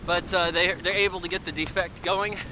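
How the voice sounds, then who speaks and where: A man's voice: high voice, steady tone, fairly quick, noisy background. A man giving a casual, rambling spoken film review in an offhand way. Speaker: movie reviewer.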